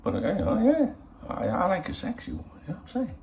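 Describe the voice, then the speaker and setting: A man's voice: high voice, huge pitch swings, quick pace, gravelly, darkish tone, slight background noise. A middle-aged man hosting a football channel, chatting casually in a rambling, cheeky way full of swearing. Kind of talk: casual chat. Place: in Spain.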